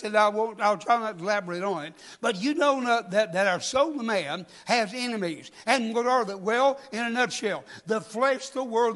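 A man's voice: very high-pitched, a bit bright. A male preacher, delivering a folksy sermon and asking the congregation questions. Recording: long hall reverb.

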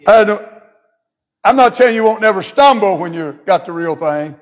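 A man's voice: high voice, expressive, moderate pace, muffled recording. A man, preaching a folksy sermon and reading scripture in old-fashioned English. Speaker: pastor.

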